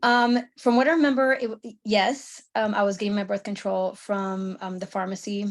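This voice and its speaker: A woman's voice: medium pitch, fairly even intonation, normal speed. A woman in her thirties, a veteran on a panel, telling her story casually over a video call, with many fillers and restarts.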